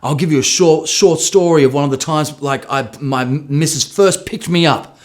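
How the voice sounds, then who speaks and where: An Australian man in his thirties, a rapper who raps his lines and then explains them in casual talk. He tells stories with sudden loud, excited re-enactments. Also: a little high, moderate pace.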